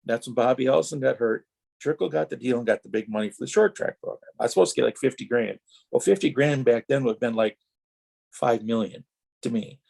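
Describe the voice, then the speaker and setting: A man's voice: mid-range voice, fairly quick, vocal fry, darkish tone. A man who raced for years, telling long rambling anecdotes in a podcast interview and acting out other people's lines as he goes. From Wisconsin. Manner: rambling anecdotes with many restarts and quoted dialogue. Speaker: podcast guest, retired racer. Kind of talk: storytelling interview.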